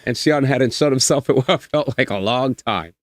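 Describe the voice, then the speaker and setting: A man's voice: medium pitch, moderate pace, dry recording, studio quality. A man streaming a visual novel, reading its lines aloud and joking in laid-back chat.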